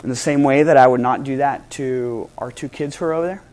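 A male pastor preaching a sermon to a congregation, swinging between loud emphasis and hushed, soft passages. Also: medium pitch, fairly quick. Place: church hall before a congregation.

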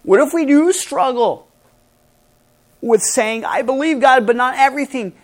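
This sermon comes from a middle-aged pastor with a very high-pitched voice who takes his time. He stays emphatic and animated, swinging between loud and soft.

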